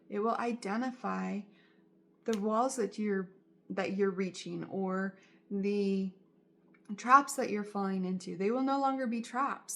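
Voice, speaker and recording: A woman gives a tarot reading directly to her viewers in a soothing, reassuring voice. She takes her time over every phrase and often repeats herself as she goes. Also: mid-range voice. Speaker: tarot reader.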